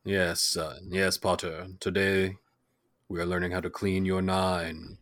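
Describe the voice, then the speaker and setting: A man doing a stern British wizard teacher, pitched a little low and kept hushed. It's a clumsy put-on accent, a joke voice, and the voice sounds bright and dry. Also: little pitch movement, measured pace, no echo. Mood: mock stern.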